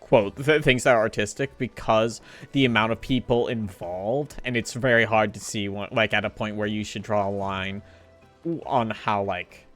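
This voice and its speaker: A man's voice: fairly low pitch, fairly even intonation, normal speed, a bit bright, soft background music. A man chatting casually while playing a game with friends, laid-back and laughing, rambling through his thoughts. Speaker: gamer on a group stream. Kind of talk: casual chat while gaming.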